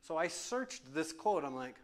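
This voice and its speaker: Male pastor, slightly high voice, emphatic and repetitive, preaching a Q&A session in church. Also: big pitch swings, a little slow. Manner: emphatic, repeats phrases for stress. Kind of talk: sermon question and answer session. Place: church sanctuary.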